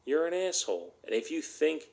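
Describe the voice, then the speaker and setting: A man's voice: fairly high pitch, very animated, fairly quick, creaky, a little mellow. A man hosting a solo podcast, ranting bluntly and heatedly, swearing often. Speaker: podcast host.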